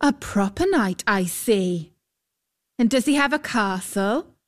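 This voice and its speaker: A woman's voice: very high-pitched, sing-song, takes it slowly, pitched above the performer's own voice, heavily acted. A woman voicing an insolent, teasing teenage water-sprite girl in a storybook reading. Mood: mocking. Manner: pert and teasing.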